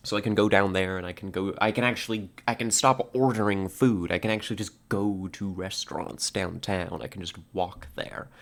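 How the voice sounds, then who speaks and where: A man's voice: on the low side, a bit bright. A man streaming live, chatting casually with viewers, laughing often and stumbling over his words. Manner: giggly, stammering, reads out chat puns.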